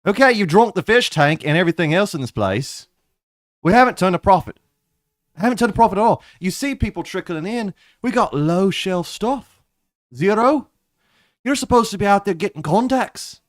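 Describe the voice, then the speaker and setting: A man voicing a drunken male vampire tavern owner who sounds more and more like a pirate, loud and grumbling. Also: high-pitched, animated, moderate pace, no room sound, clean studio sound, pitched above the performer's own voice. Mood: boozy, grumbling. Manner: slurred, loud, accent drifting.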